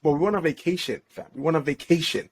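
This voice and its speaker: Young male podcast guest, lively and slangy, laughs a lot, slightly high voice. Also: fast talker, breathy edge. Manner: animated, slangy, laughs often, restarts sentences. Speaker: podcast guest, relationship coach. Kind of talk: casual storytelling chat.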